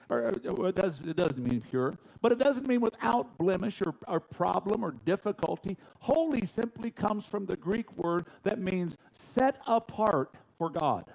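A man preaching a sermon as pastor in a church, folksy and emphatic, swinging between loud, driving lines and hushed ones. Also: high-pitched, creaky, poor audio. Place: church sanctuary.

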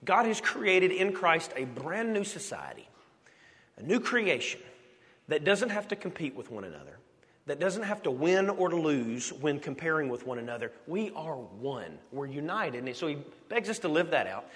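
A man's voice: a little high, sing-song, normal speed, fairly bright tone. A man from the United States preaching a sermon, telling a story with animation and asking the congregation questions. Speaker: pastor. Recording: long hall reverb.

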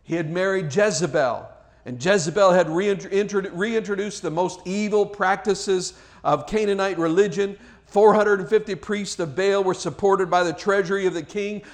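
Here the preacher's voice is high-pitched as he reads from scripture, prays, and delivers a heartfelt sermon. He talks freely, repeats himself for effect, and raises his voice on the cries he quotes.

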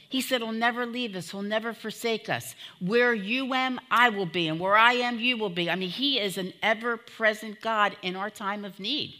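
A woman's voice: mid-range voice, bright, forceful tone. A woman preaching a sermon to her church, fervent and emotional, calling out to the congregation as she teaches from scripture.

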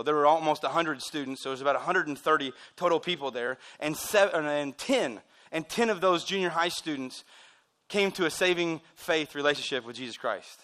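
Excitable, wired preacher with a bright voice. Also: male voice, on the high side. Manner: excitable, wired, joking asides. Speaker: pastor. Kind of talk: sermon. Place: church.

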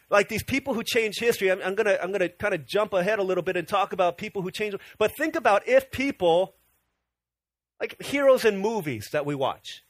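A man preaching a sermon in a lively, conversational way, often restarting his sentences. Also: high voice, dry recording. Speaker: pastor.

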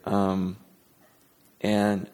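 Deep and monotone, the man stretches out his words in a smooth, slightly mellow voice that fills a large hall. He's a pastor giving a sermon in the church sanctuary, candid and rambling, self-deprecating, restarting again and again.

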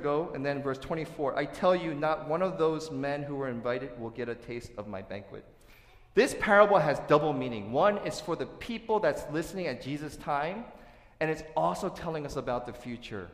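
A man preaching a sermon, acting out quoted voices and swinging from loud outbursts to hushed lines. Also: medium pitch. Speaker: pastor. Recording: echoey hall.

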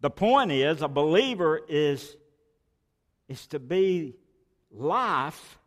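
Man preaching, slow and deliberate, higher-pitched, long reverb of a church hall. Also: animated. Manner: emphatic, repeats key phrases. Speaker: pastor. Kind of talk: sermon.

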